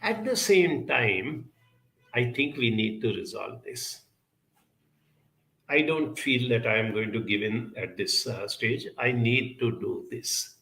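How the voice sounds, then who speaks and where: A man answers audience questions with earnest, measured advice, his voice gravelly yet bright. He pauses often, filling gaps with 'uh'. The sound rings with the echo of a roomy space. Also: mid-range voice, lively intonation. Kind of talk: advice talk.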